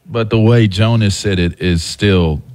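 A man's voice: lowish voice, a little slow, darkish tone. A man co-hosting a radio show, throwing in wry asides and mock groans during casual banter.

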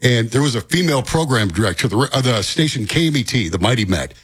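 A man, a veteran radio broadcaster, chatting casually and warmly appreciative of his co-host. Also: medium pitch, animated, quick pace, breathy edge.

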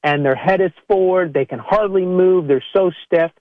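Here the chiropractor's voice sits high and moves at an ordinary speed, coming through narrow and tinny in a dry recording. He keeps his podcast monologue conversational, lifting his voice whenever he mimics what someone said.

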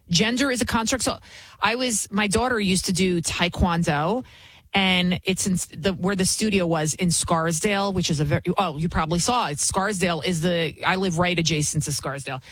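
A woman's voice: fairly low pitch, moderate pace, a bit bright, husky, no echo, rough recording. A woman hosting a talk radio show as a fill-in, giving a blunt, indignant opinion monologue and repeating lines for emphasis.

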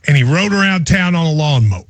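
A man's voice: a little high, dry recording. A man hosting a radio talk show, chatting and telling stories from home. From Kentucky. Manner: chatty storyteller, laughs often. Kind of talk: casual radio chat.

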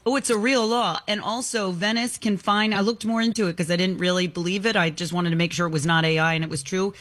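A woman's voice: lowish voice, fairly even intonation, quick pace, a bit bright. A woman reading news items on a morning show, telling each story in a chatty, conversational way while outdoors. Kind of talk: casual news chat. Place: outdoors in the sun.

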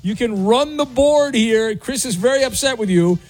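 High-voiced joking male radio game host. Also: expressive, moderate pace, a little mellow, faint music behind. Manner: jokey, self-mocking, lots of uh fillers. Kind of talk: morning radio game show hosting.

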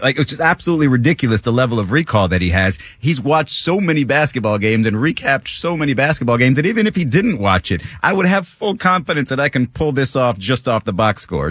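A husky man talking sports with lots of rise and fall in his voice, acting out little scenes as he makes his point. The sound is close and dry, with no room around it. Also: mid-range voice, no echo. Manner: animated, laughs often, acts out scenes. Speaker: sports radio co-host. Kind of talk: casual sports talk.

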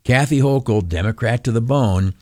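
A man's voice: mid-range voice, moderate pace, warm tone. A man hosting talk radio, giving sarcastic political commentary with many fillers and restarts.

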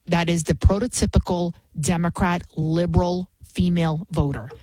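Husky-voiced indignant woman radio host. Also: fairly low pitch, steady tone, normal speed, mellow, no room sound, low-quality recording. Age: 40s. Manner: heated, indignant ranting. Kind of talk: opinionated talk radio monologue.

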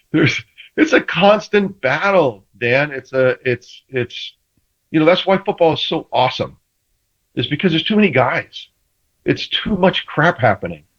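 A man's voice: medium pitch, husky. A man in his middle register tells football stories in easygoing talk, jumping into playful voices for what he once said to referees. He restarts his sentences often as the thoughts tumble out. The sound is a little dull and lo-fi. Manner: animated storyteller, acts out quoted banter, many restarts. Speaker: former quarterback guest. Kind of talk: casual sports talk.

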